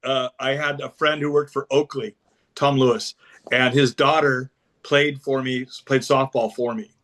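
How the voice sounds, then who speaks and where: A man's voice: medium pitch, little pitch movement, a little slow, a bit bright. An older man, a guest on a podcast, telling a self-deprecating story in a casual chat over a remote call.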